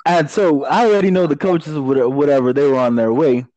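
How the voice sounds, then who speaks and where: A man's voice: fairly high pitch, fairly even intonation, fairly quick, mellow, dry recording. A young man in casual chat telling a story in a laid-back, rambling way, laughing often. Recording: dull lo-fi dry sound.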